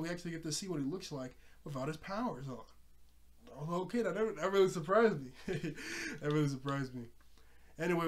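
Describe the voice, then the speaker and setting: A young man with a slightly high voice talks through a cartoon episode in a loose, chatty way. He laughs often and his voice jumps up sharply whenever something surprises him. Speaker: show reviewer. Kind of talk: casual episode recap.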